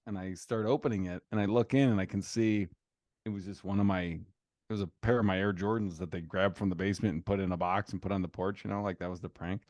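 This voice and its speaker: A man's voice: deep voice, fast talker, no room sound. A man in his thirties co-hosting a podcast, telling a family story in casual chat and acting out the quoted voices. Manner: animated storyteller, acts out quotes in raised voices. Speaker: podcast co-host.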